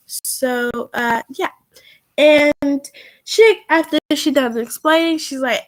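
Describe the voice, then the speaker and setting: A woman narrating as game master of a tabletop role-playing game, halting and full of fillers. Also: a little high, steady tone, dry recording, rough recording.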